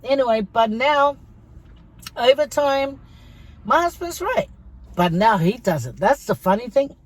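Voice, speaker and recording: A middle-aged woman talks straight to her viewers in a relaxed vlog. She tells stories in a chatty, friendly way, calling her audience guys. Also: on the high side, a little slow. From Samoa. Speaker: vlogger. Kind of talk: casual mukbang chat to viewers.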